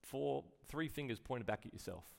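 Lively conversational man preaching. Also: mid-range voice, moderate pace, vocal fry. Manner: conversational preaching, rhetorical questions, acted-out quotes. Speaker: pastor. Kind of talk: sermon.

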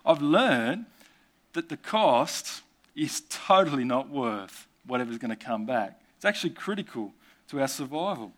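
Male preacher, mid-pitched, casual asides, keeps asking the congregation questions. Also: big pitch swings, measured pace. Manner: rhetorical questions with conversational asides. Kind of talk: sermon.

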